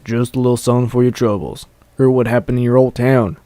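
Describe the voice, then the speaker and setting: A man voicing a big, gentle, reserved stallion in a game let's play, speaking quietly and slowly. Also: mid-range voice, fairly even intonation, dry recording, lightly acted. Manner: quiet, slow.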